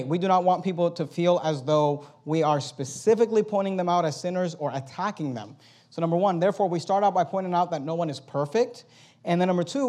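A man with a somewhat high voice teaches a method for sharing the gospel. He moves through numbered steps and acts out sample conversations. When he quotes a verse he slows down and leans on each word for stress. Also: a little mellow. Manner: walks through steps and role-plays dialogue; slow emphatic verse reading. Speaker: evangelism trainer.

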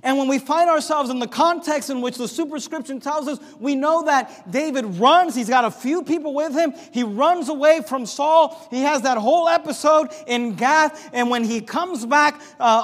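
High-voiced man preaching in a reverberant hall. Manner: emphatic preaching, swings from quiet to loud. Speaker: pastor. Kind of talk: sermon.

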